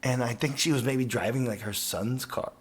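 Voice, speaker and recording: A professional skateboarder telling a casual, profane, rambling story with lots of fillers. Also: male voice, mid-range voice, normal speed, slight background noise.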